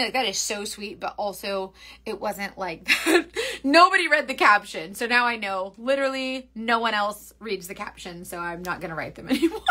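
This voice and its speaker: A young woman chats loosely on a makeup livestream, hopping from story to viewer comments with easy giggles. Her voice sits a little high and rings bright and forward. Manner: rambling, giggly, reads viewer comments aloud. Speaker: makeup seller and livestream host. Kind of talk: chatty livestream talk.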